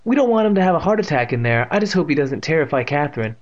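A man's voice: on the high side, very animated, rapid-fire, dull audio, pitched above the performer's own voice. A man voicing a fretful middle-aged mother who argues her case. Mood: worried.

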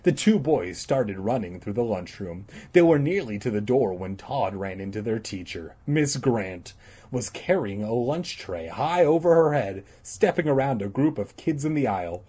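A man's voice: mid-range voice, lively intonation, moderate pace, mellow, breathy edge. A man casually reading a children's book aloud, irreverent, stumbling and correcting himself. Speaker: reader.

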